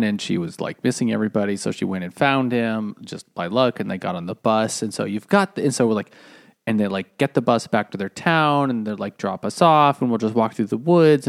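A man's voice: lowish voice, creaky, dry recording, clean studio sound. A man casually retelling a novel's plot on a book podcast, rambling with lots of fillers. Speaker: podcast co-host.

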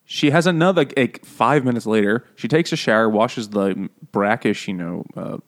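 A man's voice: fairly low pitch, normal speed. A man co-hosting a casual book-club podcast over beer, retelling a plot with swearing and jokes. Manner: profane, joking, lively retelling of a plot. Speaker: podcast co-host.

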